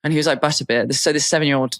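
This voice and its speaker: A woman's voice: low-pitched, level tone, racing. A British woman from England co-hosting a podcast, telling stories in casual chat and swearing freely. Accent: British English. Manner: chatty anecdotal storytelling, swears freely. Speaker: podcast co-host.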